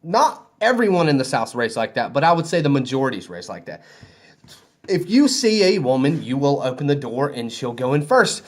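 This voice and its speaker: A man's voice: medium pitch, sing-song, normal speed. A man from the American South with a Southern accent, telling a rambling, easygoing story to camera in a hotel room. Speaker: vlogger.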